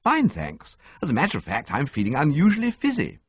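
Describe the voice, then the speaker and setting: Man putting on a breezy young English toff, jaunty and high, wildly swooping, husky edge, muffled recording. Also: wildly swooping pitch, fairly quick, no room sound, exaggerated voice. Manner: jaunty, high-pitched and teasing. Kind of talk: audiobook character voice.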